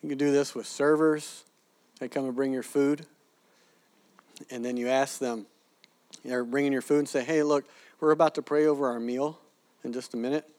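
A man teaches a congregation in a sermon-style talk, animated and conversational. He slips into quoted voices as he tells his stories. His voice sits at an ordinary middle pitch. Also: normal speed, pauses often. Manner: animated storyteller, acts out quoted people. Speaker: preacher teaching evangelism.

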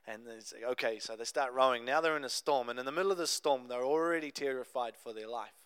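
A young adult man preaching a sermon, telling a Bible story in a conversational, animated way with casual asides. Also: medium pitch, fast, smooth, no room sound. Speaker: pastor.

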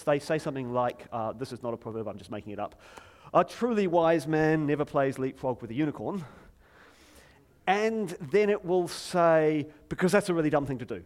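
A middle-aged man preaching a lively, joking sermon from a church stage, chatty and self-deprecating, drawing the congregation in. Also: a little high. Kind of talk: playful sermon with audience participation.

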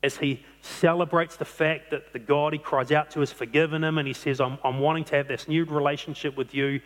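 A man's voice: a little high, steady tone, brisk. A man preaching a sermon, earnest, stretching out key phrases for emphasis. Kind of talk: sermon on a psalm. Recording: long hall reverb.

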